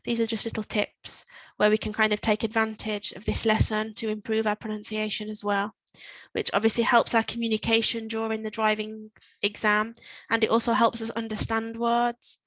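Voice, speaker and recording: A woman teaching a Spanish lesson, explaining patiently step by step and repeating words slowly. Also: on the high side, monotone, fairly bright tone, no echo. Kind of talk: online language lesson. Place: in Spain.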